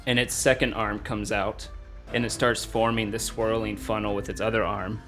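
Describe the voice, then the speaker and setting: Male dungeon master, relaxed narration with fillers and chuckles, faint music bed. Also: on the low side, moderate pace. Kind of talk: narrating a tabletop game.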